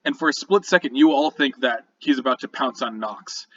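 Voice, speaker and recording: A man's voice: mid-range voice, brisk, a bit bright, muffled recording, slight background noise. A man narrating a tabletop game as dungeon master, describing scenes vividly with many fillers.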